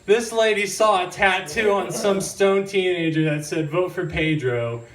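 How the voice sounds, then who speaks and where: A man's voice: high voice, a little slow, a bit bright. A young man performing a stand-up set in a live venue, rambling, giggling and apologizing often. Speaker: stand-up comedian. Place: live comedy venue, audience in room. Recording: roomy live recording from a distance, crowd noise.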